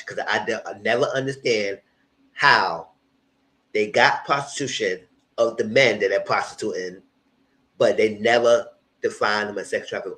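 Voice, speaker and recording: A man's voice: on the low side, a bit bright, rough recording. A man hosting a live vlog, ranting with heated, emphatic and profane commentary. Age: adult, past graduate school. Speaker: vlog host.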